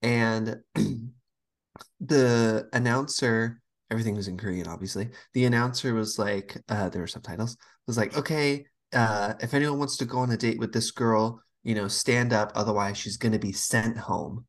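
A woman's voice: very deep voice, moderate pace. A woman co-hosting a casual podcast, telling stories and acting out the voices of the people in them. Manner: animated storyteller, acts out quoted voices. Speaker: podcast co-host. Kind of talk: casual chat.

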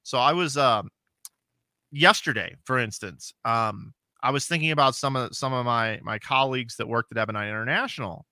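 Bright-voiced man in his forties, rambling. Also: mid-range voice, moderate pace, no echo. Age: 40s. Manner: rambling, self-deprecating storyteller with many restarts. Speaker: podcast co-host. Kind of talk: casual chat.

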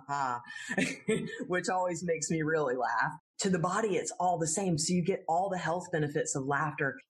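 A woman who teaches laughter yoga, explaining it in a friendly way in an interview and laughing easily. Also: low voice. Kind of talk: interview answers.

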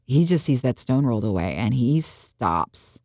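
A woman with a low, mellow voice tells a story in casual conversation. She acts out what people said as she goes, and her delivery stays lively. The room is dry, close and dead. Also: normal speed, no echo. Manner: animated storytelling, acts out quotes. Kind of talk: casual faith discussion.

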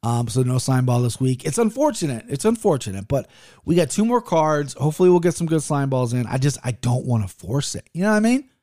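A man talking through his fight-betting picks in a loose, profane monologue. He trips over his own sentences and wanders off topic. He speaks at an ordinary mid-range pitch, and the recording is close and dry, with no room sound. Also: sing-song, brisk, dark tone, dry recording. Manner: profane and rambling; restless, self-interrupting.

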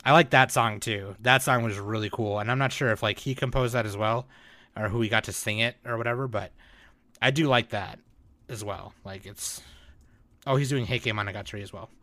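Male podcast host, bright tone, casual rambling delivery, dry recording. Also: fairly low pitch, dry recording. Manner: relaxed, rambling with fillers and quick laughs.

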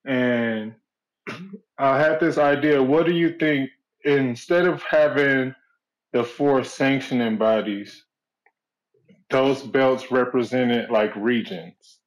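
A man calling in to a show, talking in a flat, rambling, laid-back way and swearing freely. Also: medium pitch, slow. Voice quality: monotone. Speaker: caller. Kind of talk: casual call-in chat. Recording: dull lo-fi phone call.

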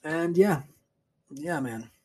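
Alone on his own podcast, a man chats casually, rambling, swearing a lot, and restarting sentences. His voice is on the high side, slightly rough, and slow-paced.

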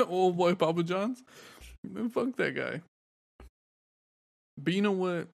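A man's voice: sits high, animated, slow pace, creaky. A man co-hosting a casual podcast, reacting with profane mock outrage to his friends' stories. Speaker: podcast co-host. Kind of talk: casual chat.

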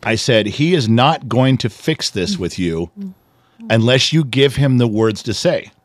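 A middle-aged man co-hosting a casual podcast, telling a family story with lively, animated delivery and acting out what others said. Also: medium pitch, unhurried, no echo. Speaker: podcast co-host. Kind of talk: casual chat.

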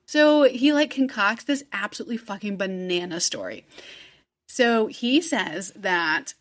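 A woman's voice: mid-range voice, sing-song, measured pace. A woman hosting a casual podcast, telling a true-crime story in a chatty way, swearing and acting out quotes.

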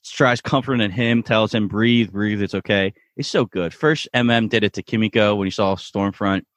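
A lower-voiced man chats through a TV recap, animatedly retelling scenes. He slips into quoted lines as he goes. The sound is dry and close. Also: moderate pace, no echo. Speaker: podcast co-host. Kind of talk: casual TV recap chat.

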